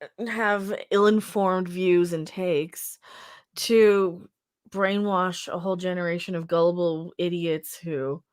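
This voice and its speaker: A woman's voice: on the low side, fairly even intonation, slow pace, clean tone. A woman co-hosting a podcast, chatting bluntly and with strong opinions. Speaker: podcast co-host. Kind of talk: casual commentary chat.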